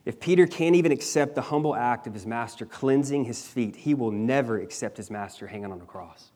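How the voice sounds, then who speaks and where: A man's voice: medium pitch, a little fast, dark tone. A man preaching a sermon, retelling a scripture passage with emphatic, dramatic storytelling and the odd casual slang aside.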